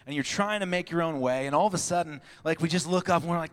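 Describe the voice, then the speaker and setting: Animated young man preaching in a hall. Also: on the high side, fast, few pauses. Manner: animated storytelling, acting out dialogue, laughing often. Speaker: pastor. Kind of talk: sermon with personal stories.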